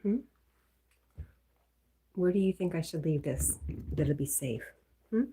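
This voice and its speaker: Livestream host, female; soft half-whispered casual chat, deep mellow tone. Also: slow pace, breathy edge. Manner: talks softly, often murmuring half-whispered to herself and her dog. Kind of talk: casual chat with her dog. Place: outdoors and at home with a dog.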